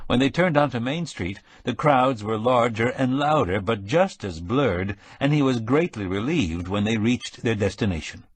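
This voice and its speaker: A man narrating a mystery audiobook in a measured, steady storytelling manner. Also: medium pitch, breathy edge, no echo. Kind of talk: scripted narration.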